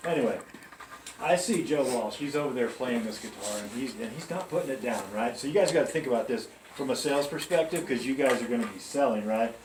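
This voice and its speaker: A man's voice: mid-range voice, animated, quick pace, noisy background. Guy giving a storytelling pep talk to store staff, keeps asking right?, big echoey room, kinda far off mic. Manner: chatty, keeps checking in with listeners. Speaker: company manager speaking to new store staff. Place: large music store indoors.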